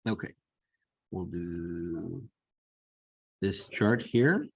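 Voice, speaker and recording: Slow, low-voiced male teacher. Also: lively intonation, creaky, breathy edge, no echo. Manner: slow, repeats each word to model pronunciation. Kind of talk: screen-recorded lesson.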